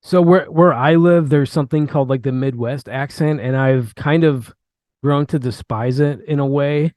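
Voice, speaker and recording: A man's voice: medium pitch, moderate pace, darkish tone, dry recording, clean studio sound. A man hosting a casual interview over a video call, talking in a laid-back, easygoing way. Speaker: host.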